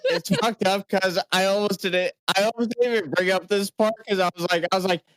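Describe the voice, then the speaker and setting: A man tells a conspiracy story on a casual podcast with a loose, joking, profane delivery. His voice is smooth and clear. The sound is dry and close to the mic. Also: high voice, steady tone, a little fast, a bit bright, dry recording. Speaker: podcast co-host presenting the topic.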